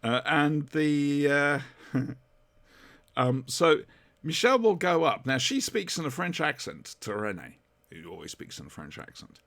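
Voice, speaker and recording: A man's voice: a little high, big pitch swings, measured pace, a bit bright. A man chatting on a podcast, rambling and correcting himself as he enthuses about old TV comedy. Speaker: podcast co-host. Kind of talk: casual chat reviewing TV comedy.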